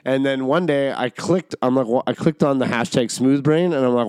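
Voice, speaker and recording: A man in a loose, profane podcast chat. His voice sits at a middle pitch. The sound is dry and close, with little room to it. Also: normal speed, a little mellow, clean tone, dry recording. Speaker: podcast host. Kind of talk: casual chat.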